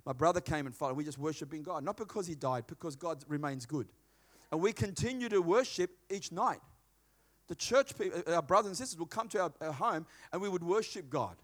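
A man's voice: high-pitched, normal speed. A middle-aged man preaching a sermon, telling stories with acted-out dialogue. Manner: animated storytelling, acts out dialogue in a hushed voice.

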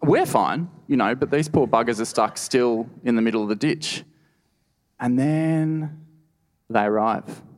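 A man's voice: medium pitch, a little slow. An Australian man telling a true story on stage at a live storytelling event, wry and conversational with lots of "you know". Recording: reverberant live hall.

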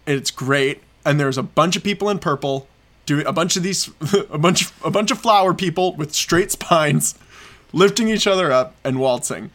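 Excitable rambling man, fairly high voice. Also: moderate pace. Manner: excited, rambling storytelling with frequent fillers and laughs. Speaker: podcast co-host. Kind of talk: casual chat.

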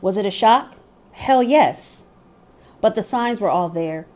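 A woman's voice: medium pitch, animated, slow, a little mellow. A woman giving scripted first-person narration of a story, telling it in a candid, wry way.

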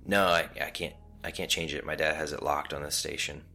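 Flustered young store clerk, stammering, read by a man, very deep voice. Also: steady tone, brisk, vocal fry, pushed and bright, faint music behind, exaggerated voice. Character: nervous teenage boy store clerk.

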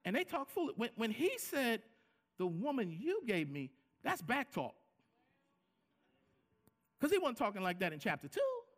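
Animated, gravelly-voiced preaching man. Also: very high voice, moderate pace, long pauses. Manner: animated preaching, acting out quoted lines, repeats words for emphasis. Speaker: pastor. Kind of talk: sermon.

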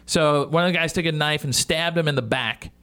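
A man's voice: fairly high pitch, brisk, pushed and bright, clear, resonant tone. A man in his thirties hosting a casual radio talk show, joking and swearing freely.

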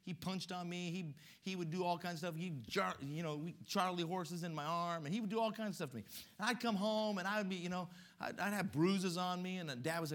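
A middle-aged male pastor preaching a sermon, telling stories in an animated way with emphatic swells. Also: high voice, a little fast.

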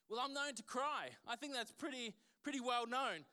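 A man's voice: very high voice, moderate pace, hardly any pauses, bright, forceful tone. A man preaching a sermon as pastor, emphatic and full of restarts and repeated words.

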